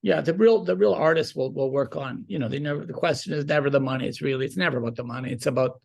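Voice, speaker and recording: Gravelly-voiced male director guest. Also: mid-range voice, a little mellow. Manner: halting, restarts, swears. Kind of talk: casual interview chat.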